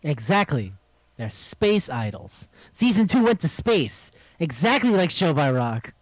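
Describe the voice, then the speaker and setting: A man's voice: a little high, a little slow, no echo, dull audio. A man co-hosting a podcast, animatedly retelling an anime episode and acting out the lines with frequent laughs. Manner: animated storytelling, acts out quotes, laughs often. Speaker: podcast co-host. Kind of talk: casual chat recapping an anime.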